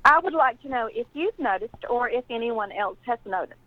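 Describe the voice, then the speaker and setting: Caller, Southern woman, deliberate and measured, fairly high voice, dull phone line. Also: expressive, no room sound. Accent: Southern American. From North Carolina. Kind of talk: phone-in call.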